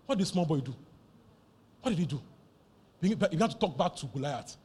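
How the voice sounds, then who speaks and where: A man preaching a sermon, animated and emphatic, repeating key phrases over and over. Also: a little high, fairly quick, husky. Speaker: pastor.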